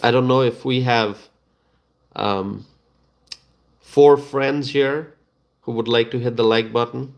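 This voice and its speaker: Host, male, middle-aged; unhurried, gravelly, halting live-stream chat. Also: medium pitch, fairly even intonation. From Bangladesh. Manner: halting, many fillers and restarts.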